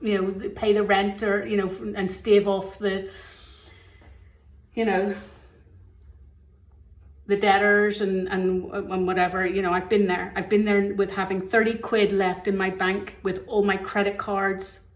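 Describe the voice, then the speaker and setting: A middle-aged woman from the UK talks openly and chattily as she counts out cash for her weekly budget. Her voice sits at an ordinary middle pitch, and the recording has a roomy, echoey quality from a room at home. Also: little pitch movement, unhurried. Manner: chatty, candid, gets emotional. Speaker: budgeting vlogger. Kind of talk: casual chat while counting cash.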